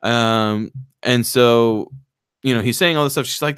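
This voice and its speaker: A man hosting a casual podcast, rambling through a movie plot and briefly mimicking the characters in quick voices. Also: on the low side, fairly bright tone, clean tone, no echo, studio quality. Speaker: podcast host.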